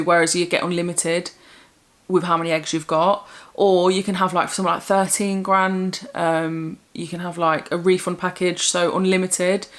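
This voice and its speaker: Young English woman vlogger, lowish voice, rambling and candid. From England. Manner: chatty, rambling, warm and candid. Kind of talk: casual chat.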